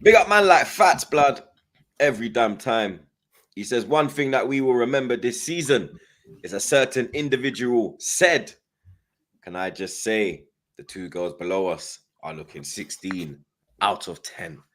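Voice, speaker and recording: A man's voice: medium pitch, expressive, measured pace, a bit bright. A man co-hosting a football podcast, laid-back and full of slang in casual banter. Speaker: podcast co-host.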